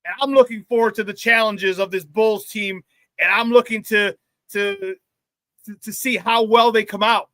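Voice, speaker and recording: A sports talk host with a high, sharp, bright voice, heard close and dry. He talks fast and gets worked up, tripping over his words and repeating them as the excitement builds. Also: no room sound. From Chicago area. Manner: fired-up, excitable, repeats words when animated. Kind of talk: casual sports radio talk.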